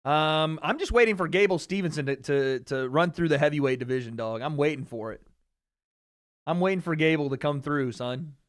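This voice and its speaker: A man's voice: on the high side, moderate pace. Slangy laid-back streamer guy. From Tennessee, US. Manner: laid-back and slangy, swearing, gets loud cheering the fight. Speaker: streamer hosting a fight watch party. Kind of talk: casual livestream chat, reading viewer questions.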